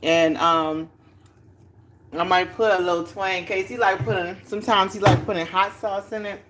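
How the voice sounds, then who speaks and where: A woman's voice: medium pitch, steady tone, normal speed. Chatty woman hosting a home cooking stream. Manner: chatty, laughs often, talks to viewers. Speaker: cooking show host. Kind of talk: casual live cooking stream. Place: home kitchen. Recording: echoey kitchen, faint noise.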